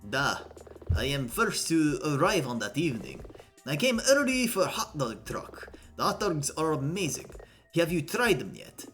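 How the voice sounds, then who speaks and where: Brief: man doing a slow, bright Russian-accented female racer, broken English, game read. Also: on the high side, very animated, soft background music, pitched above the performer's own voice. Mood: earnest. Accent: put-on Russian. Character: woman racer with a thick put-on Russian accent. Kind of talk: reading game dialogue aloud.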